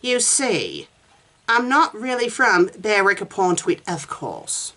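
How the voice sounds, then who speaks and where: A woman's voice: mid-range voice, wildly swooping pitch, takes it slowly, pushed and bright, heavily acted. A woman reading a story aloud and voicing Susan, a snooty, prim English woman who talks in a haughty, lofty, dramatic way. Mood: earnest.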